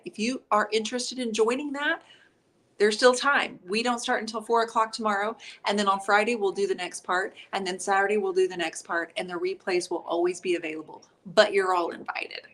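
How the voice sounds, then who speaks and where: A middle-aged woman teaching a painting class on a livestream in a craft workspace. She talks in a chatty, upbeat way and jokes easily with her husband off to the side. Her pitch sits in a middle range for a woman. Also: a bit bright. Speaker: host and paint instructor. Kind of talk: casual live-stream painting tutorial.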